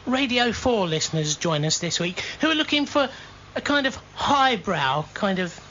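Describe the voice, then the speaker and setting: A Scottish man co-hosting local radio, teasing and chatty and quick to laugh. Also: high voice, very animated, bright, forceful tone, a little hiss or hum. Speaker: radio co-host and presenter. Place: radio studio. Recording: lo-fi radio broadcast.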